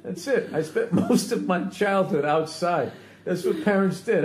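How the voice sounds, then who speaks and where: A man's voice: sits high, a little slow. A man hosting a podcast, chatting casually and comically with blunt, profane, joking rants. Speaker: podcast host. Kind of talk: casual comedic chat. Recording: echoey room.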